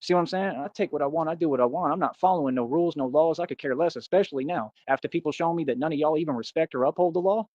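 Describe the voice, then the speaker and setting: A man's voice: on the high side, a little mellow, no room sound, lo-fi sound. A man livestreaming and answering his chat in a boastful, combative rant. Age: adult. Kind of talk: ranting live stream.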